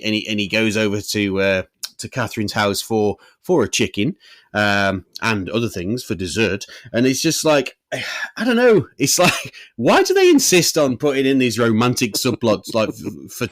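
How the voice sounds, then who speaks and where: A man's voice: lowish voice, no echo. A man co-hosting a podcast, reviewing a film in a rambling, swearing, casual chat. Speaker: podcast co-host.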